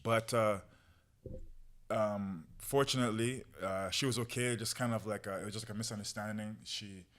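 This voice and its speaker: This young man, a podcast guest, recounts something from his own life in relaxed slang, peppered with "bro" and "yo," acting out what he told himself at the time. He speaks on the low side with fairly even intonation, a moderate pace, and a fairly bright tone.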